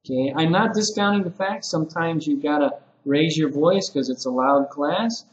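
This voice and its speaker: A man's voice: fairly high pitch, normal speed, highs cut off. A man giving an ESL teacher-training lesson in a conversational way, acting out sample phrases a teacher might say. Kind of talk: lecture-style teaching video. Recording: echoey room.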